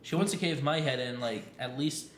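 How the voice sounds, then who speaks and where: A man's voice: medium pitch, fairly quick, a bit bright. A man co-hosting a live stream, talking in a laid-back, wry way. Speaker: co-host. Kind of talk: casual live-stream chat. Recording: echoey room, faint noise.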